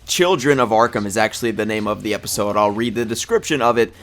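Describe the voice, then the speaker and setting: A man's voice: on the low side, quick pace, a bit bright. A young man hosting a casual games news video, groggy from just waking up, thinking aloud and correcting himself as he goes. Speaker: gaming news video host.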